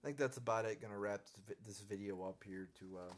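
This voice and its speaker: A man's voice: on the low side, fast, a little hiss or hum. A young man ranting casually on a live stream, profane and irritated, full of restarts and stumbles. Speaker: wrestling commentary vlogger.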